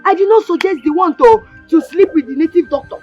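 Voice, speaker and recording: An actress with a Nigerian accent playing an excitable young village woman scolding her friend. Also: very high-pitched, fairly quick. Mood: agitated. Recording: slightly dull film audio with music.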